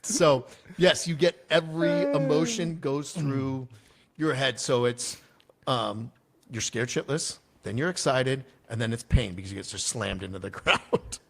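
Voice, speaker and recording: Man, former army officer, guest on a podcast; mid-range voice, animated storyteller with casual profanity. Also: mid-range voice, unhurried, gravelly.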